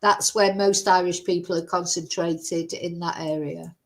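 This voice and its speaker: Her voice is lowish and steady, and she talks a little slowly as host of a true crime channel. The livestream commentary is casual, rambling and full of filler words.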